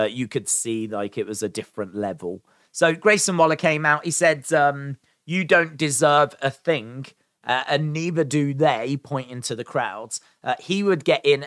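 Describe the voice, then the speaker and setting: A man's voice: mid-range voice, a bit bright, no room sound, clean studio sound. A man giving a casual spoken recap of a wrestling show as its reviewer, enthusiastic and chatty, with frequent "uh" and "um" fillers.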